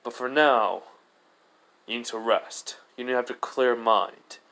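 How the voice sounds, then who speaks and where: Man putting on a stern warrior god, formal clipped speech, middling pitch, fan story reading. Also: a little slow, pushed and bright. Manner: formal, clipped, calls the boy "boy". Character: stern weary male warrior god, commanding. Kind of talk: fan story narration with voiced characters.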